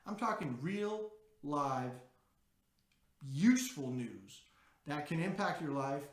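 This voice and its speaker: A man hosting a podcast in a brash, profane, excitable unscripted monologue. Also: fairly high pitch, slow pace, echoey room. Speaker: podcast host.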